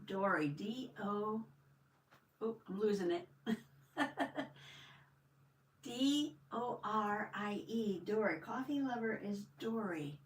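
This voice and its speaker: A woman's voice: mid-range voice, expressive, slow pace, pauses often, a little hiss or hum. An older woman hosting a casual live journaling stream, chatting with viewers and greeting them with a folksy "howdy". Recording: echoey room, mic at a distance.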